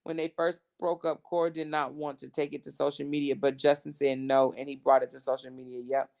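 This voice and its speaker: Gravelly-voiced woman host, chatty commentary. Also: a bass voice, flat delivery, a little fast, darkish tone. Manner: chatty, repeats herself for effect. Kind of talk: casual commentary.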